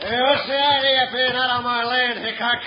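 A sneering villain rancher with a fairly high, hard voice, barking orders at his gang. He is heard through a muffled old radio recording with a faint hiss. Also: fairly even intonation, brisk. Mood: gloating. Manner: sneering, bossy. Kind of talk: 1950s radio western acting.

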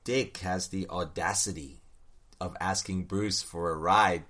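A man co-hosting a casual comics chat, animated and laughing often, turning to his co-host with questions. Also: low voice, a little slow. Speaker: podcast co-host discussing comics.

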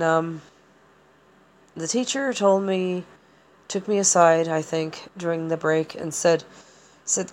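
Woman podcast host, slightly low voice, rambling and hesitant delivery full of fillers. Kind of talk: personal monologue.

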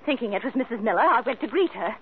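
A woman's voice: fairly high pitch, animated, fast talker. Frightened stammering woman guest, 1940s radio, narrow sound with faint hiss. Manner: stammering, flustered. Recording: phone-like old radio recording with hiss.

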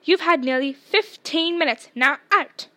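A woman's voice: a little high, normal speed, fairly bright tone, no room sound, natural voice. A woman voicing a fussy, strict school nurse who speaks firmly. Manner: firm, fussy.

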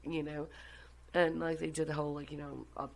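Lively Irish woman telling a story. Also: low voice, brisk, creaky, a little hiss or hum, low-quality recording. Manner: animated, swearing, laughing often. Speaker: guest. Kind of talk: casual storytelling.

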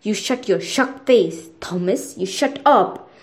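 A woman voicing a crazed, menacing teenage boy who talks slowly with a sneer. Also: mid-range voice, close to an everyday voice. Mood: raging. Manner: slow, sneering and unhinged.

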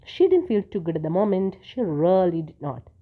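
Woman narrator, short story reading, steady telling, low voice, phone-like sound. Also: moderate pace.

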